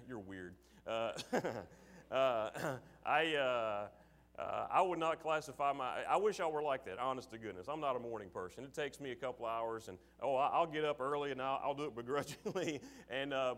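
A man preaching a sermon, moving from casual, filler-laden asides to forceful, emphatic calls to his listeners. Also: mid-range voice, normal speed. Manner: acts out his father's sarcastic voice.

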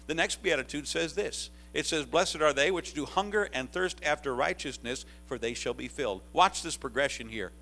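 A man in his fifties preaching a sermon to college students, moving from quiet reflection to loud, urgent pleading. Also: mid-range voice, lively intonation, moderate pace. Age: 50s.

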